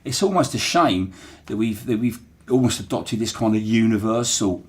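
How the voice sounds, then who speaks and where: Low-voiced man with a Portsmouth accent. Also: lively intonation, moderate pace. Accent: Portsmouth English. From Portsmouth, England. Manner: chatty and thoughtful, with frequent fillers and restarts. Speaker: interviewee, former dockyard worker. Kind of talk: reflective podcast storytelling.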